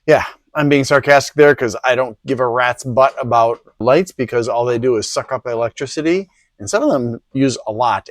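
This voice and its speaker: A man with a fairly high voice hosts a PC hardware review channel, talking casually with rambling, sarcastic asides in product-review style. The recording has no echo.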